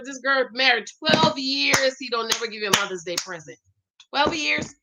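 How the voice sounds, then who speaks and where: Sassy high-voiced woman giving dating advice. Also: normal speed, very noisy. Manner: sassy, animated, addresses listener as "girl"; acts out quoted voices. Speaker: relationship advice vlogger. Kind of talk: casual advice chat to women viewers.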